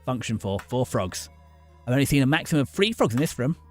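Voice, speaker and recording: A man voicing a small, lonely frog monster in a game, in a low, glum way. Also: big pitch swings, fast, darkish tone, faint music behind, natural voice.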